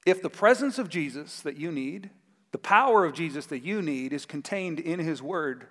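A man preaching a sermon as pastor, telling a Bible story with animated acted-out voices. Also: a little high, normal speed. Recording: long hall reverb.

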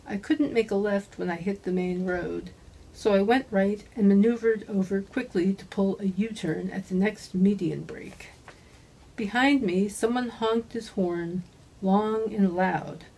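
A woman's voice: medium pitch, measured pace, creaky, dark tone, breathy edge, poor audio. A woman author reading her own hardboiled mystery novel aloud in a dry, wry first-person narration.

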